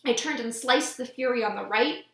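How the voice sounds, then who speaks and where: A woman reads a novel aloud in a fairly high voice with a touch of vocal fry. Her storytelling is lively and expressive. The room around her is echoey. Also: moderate pace. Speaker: audiobook reader.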